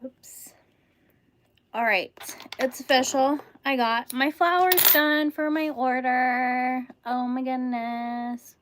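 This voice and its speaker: A young Californian woman with a high, somewhat bright voice and a Californian accent hosts a casual crochet livestream, speaking slowly. She chats bubbly with viewers and laughs often, with slight background noise.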